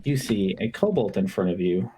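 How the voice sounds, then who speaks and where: A man running a tabletop game as game master, talking haltingly with many fillers over an online call. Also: lowish voice, big pitch swings, a crowd in the background.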